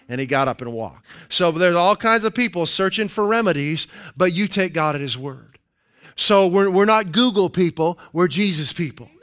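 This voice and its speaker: A man preaching a sermon, emphatic and playful, repeating key phrases and reading scripture slowly. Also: sits high, pushed and bright. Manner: playful asides, chuckles at his own jokes.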